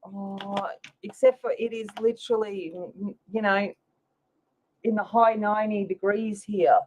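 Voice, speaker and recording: A woman's voice: mid-range voice, fairly even intonation, moderate pace, a little mellow. A woman hosting a casual livestream, chatting with viewers by name while she colors. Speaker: livestream host. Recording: slightly dull lo-fi sound.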